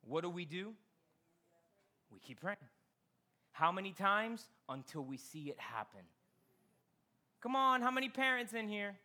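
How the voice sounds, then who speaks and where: A man preaching a sermon in a church, telling Bible stories with animated delivery and acting out the characters. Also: high voice, unhurried, long pauses. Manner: slips into Spanish phrases. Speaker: pastor.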